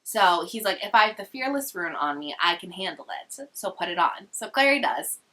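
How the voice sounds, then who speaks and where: A woman's voice: lowish voice, lively intonation, normal speed, bright, forceful tone. A young woman casually summarizing a novel in a chatty, sarcastic way with slangy asides. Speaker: book vlogger.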